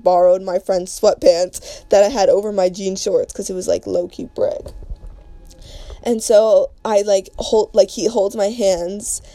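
A young woman spins a long personal story in loose, slang-filled chat, stacking filler words as she goes. Her voice is soft and mellow rather than bright. The recording is close and dry, with no room sound. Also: mid-range voice, no echo. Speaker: podcast host.

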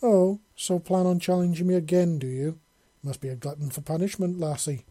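A man voicing a gruff, stern old fisherman in a science-fiction audiobook, boastful and fond of calling people lassie. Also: fairly high pitch, moderate pace, mellow, dry recording.

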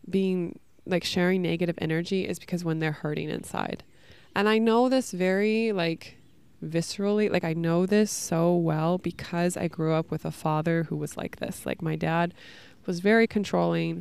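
A woman's voice: fairly low pitch, vocal fry, darkish tone, smooth, no echo. A young woman hosting a solo podcast, talking in a casual, reflective way with many fillers. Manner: casual, frequent "like" and "you know". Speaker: podcast host.

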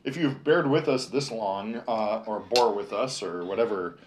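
Casual podcast co-host, halting speech, many ums, faint hiss behind. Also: medium pitch, darkish tone. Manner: halting, many fillers and restarts, laughs easily. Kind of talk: casual chat.

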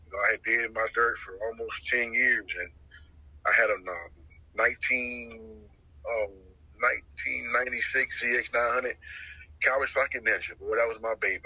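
A middle-aged man from North Carolina, telling his testimony in a lively way and acting out the voices he quotes. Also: mid-range voice, husky, dry recording, poor audio. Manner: lively storyteller who acts out the voices he quotes, repeats phrases. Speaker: guest sharing his testimony. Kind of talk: personal testimony storytelling.

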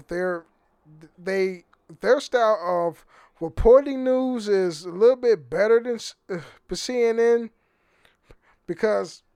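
A young man talks alone into the mic in a loose, rambling way, swearing freely and repeating words as he restarts. His voice sits high for a man. The sound is dry and close, with almost no room around it. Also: clean tone, no room sound. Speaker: podcast host. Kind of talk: casual solo podcast monologue.

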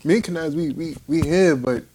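Young man, slightly high voice, animated, laughing storyteller among friends. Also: brisk, a little hiss or hum.

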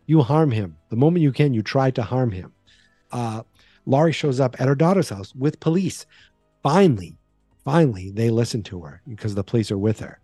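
Mellow-voiced man rambling through a recap. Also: medium pitch, expressive, normal speed, dry recording, faint music behind. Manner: rambling, chatty, frequent fillers and restarts. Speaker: podcast host. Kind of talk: casual horror movie recap.

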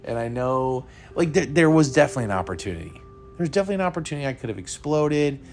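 A man's voice: mid-range voice, sing-song, racing, darkish tone, a little hiss or hum. A young man hosting a podcast, telling a personal story earnestly and laughing now and then. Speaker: podcast host.

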